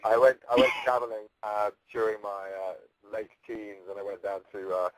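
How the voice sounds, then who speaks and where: A man's voice: fairly low pitch, fairly even intonation, moderate pace, noisy background. Rambling, joking man on a call-in. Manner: rambling, jokey, stammers and restarts. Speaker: interview guest. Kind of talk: casual phone interview. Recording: radio call-in.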